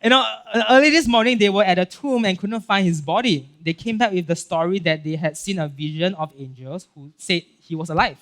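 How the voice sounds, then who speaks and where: A male pastor speaks in a high voice, a little fast and with few pauses, his accent Singaporean English. The sermon is easygoing and animated, with Bible scenes acted out and plenty of fillers, punctuated by frequent "right?" and "okay?".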